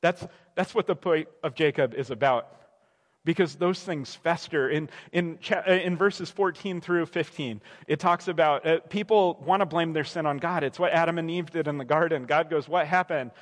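A man's voice: fairly high pitch, moderate pace, long reverb tail. A young man preaching a sermon in a casual, conversational way, often restarting phrases and acting out quoted voices. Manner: conversational, self-correcting, acts out quoted voices. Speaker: pastor.

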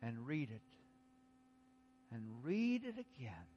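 A man preaching a sermon, slow and emphatic, dropping to a hush and then rising to exclaim. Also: mid-range voice, big pitch swings, dull audio, a little hiss or hum. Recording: long hall reverb.

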